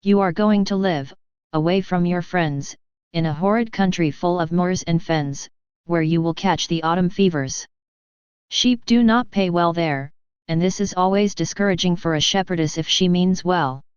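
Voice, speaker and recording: An earnest young ox driver from an old storybook, troubled and pleading, read by a woman. The voice is low and very smooth. The sound is dry and a little muffled. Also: normal speed, a little mellow, no room sound, close to an everyday voice.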